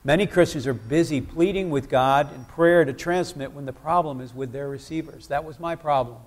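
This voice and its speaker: A man's voice: fairly high pitch, moderate pace. A man preaching a sermon in church, talking conversationally and asking the congregation questions.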